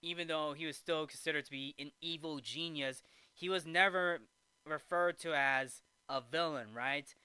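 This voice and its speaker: A man's voice: a little high, steady tone, moderate pace, bright, forceful tone, clean tone, dry recording. A man giving a casual, rambling movie review, often restarting and checking in with "right?".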